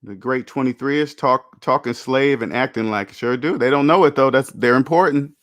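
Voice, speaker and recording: In clean studio audio free of room sound, a man with a mid-range voice hosts a personal finance livestream at a moderate pace. He lectures emphatically, leans on rhetorical questions, and answers his chat.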